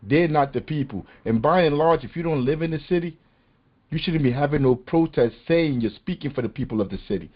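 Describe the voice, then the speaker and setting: A man's voice: fairly high pitch, lively intonation, a little fast. A man hosting a political podcast, talking in an impassioned, emphatic and street-casual way. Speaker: podcast host. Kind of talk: passionate political talk. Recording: muffled lo-fi call audio.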